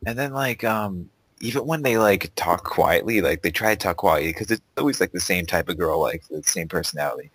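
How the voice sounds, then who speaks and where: A man's voice: sits low, a little fast, hardly any pauses, a bit bright, breathy edge, dry recording, rough recording. A young man hosting a casual podcast chat, rambling with lots of "like" and laughing easily. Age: young adult. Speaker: podcast host.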